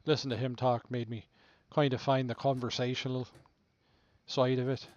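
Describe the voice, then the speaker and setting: A man's voice: mid-range voice, flat delivery, moderate pace, darkish tone, no room sound, lo-fi sound. A man talking casually to himself while playing a video game, laid-back and muttering. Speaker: game streamer. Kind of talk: casual gameplay commentary.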